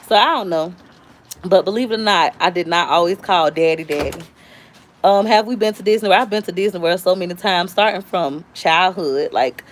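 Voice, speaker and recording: A woman, telling stories casually on a live stream and jumping high when she quotes people. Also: a little hiss or hum. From Tampa, Florida. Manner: animated storyteller, squeals high when quoting. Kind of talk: casual storytelling chat.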